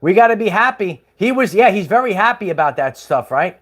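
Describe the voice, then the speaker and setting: Higher-voiced man, casual rambling livestream host, chuckles often. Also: sing-song, brisk, a bit bright. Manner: rambling, chuckling, many fillers.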